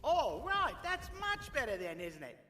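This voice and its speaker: A nervous, polite cyclops from a video game, talking in a very high, bright voice. He frets and apologizes at every turn. Long reverb trails behind him. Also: wildly swooping pitch, unhurried, slight background noise, heavily acted. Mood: cheerful. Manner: fretful and apologetic, British slang. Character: timid, polite male cyclops archaeologist.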